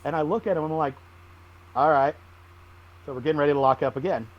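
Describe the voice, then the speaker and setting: A man, a wrestling guest on a podcast, telling stories in a lively, animated way. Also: a little high, fast, dull audio. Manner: animated storyteller, acts out shouted quotes. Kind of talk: casual storytelling interview.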